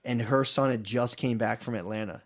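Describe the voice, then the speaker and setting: A man's voice: mid-range voice, normal speed. A man co-hosting a podcast, telling a rambling, profane story in casual chat. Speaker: podcast co-host.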